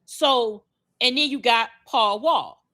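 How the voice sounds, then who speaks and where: Podcast co-host, woman with a Miami accent, high and bright, blunt and profane. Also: slow. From Miami, Florida. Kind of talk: casual podcast rant.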